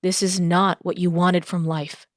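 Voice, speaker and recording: A woman's voice: lowish voice, level tone, a little slow, dry recording, studio quality, lightly acted. A woman voicing a remorseful young pirate who pleads earnestly with his estranged sister. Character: penitent young man, estranged pirate brother.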